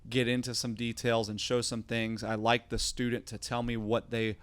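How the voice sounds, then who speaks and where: A man's voice: medium pitch, little pitch movement, moderate pace, a bit bright, smooth. A man who coaches jiu-jitsu and hosts a podcast, explaining his teaching in casual chat and often repeating words as he thinks.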